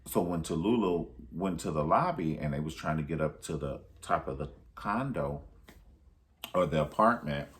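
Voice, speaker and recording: Man, deep voice, very lively swings, sassy, profane, casual film recap. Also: normal speed. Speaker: film reviewer.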